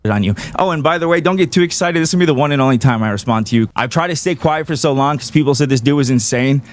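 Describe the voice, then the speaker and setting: Dude going off on someone in a clip, harsh insults, middle pitch. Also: male voice, very fast, no room sound. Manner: combative, insulting, reads his own messages aloud. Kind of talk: angry call-out rant.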